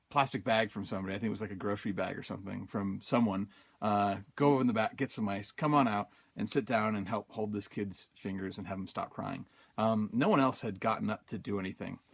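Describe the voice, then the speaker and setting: A man hosting a self-help podcast, telling a personal story casually, with many fillers, and acting out his own thoughts in quotes. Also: lowish voice. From Utah, USA. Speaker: podcast host.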